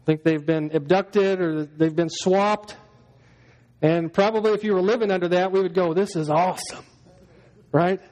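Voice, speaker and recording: A pastor with a high, steady, slightly mellow voice preaches at a moderate pace, chatting with his congregation and acting out everyday scenes in little voices. He's in a church hall, and the sound has a long hall reverb.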